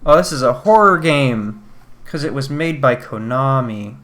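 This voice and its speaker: Gamer host, casual and profane, bright tone. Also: mid-range voice, measured pace. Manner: joking, swears a lot. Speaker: let's play host. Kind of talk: casual gaming chat.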